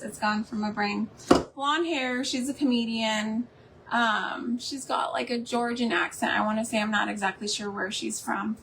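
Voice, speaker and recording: A woman's voice: a little high, fairly bright tone, slight background noise. A woman hosting a live crafting stream from her home, chatting in a rambling way and laughing often. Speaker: craft livestream host. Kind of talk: casual chat while crafting live.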